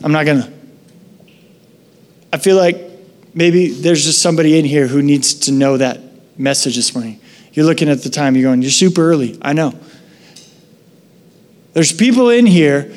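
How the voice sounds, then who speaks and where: Pastor, male, casual and animated sermon delivery, high voice, long hall reverb. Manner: conversational, animated storytelling. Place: church sanctuary.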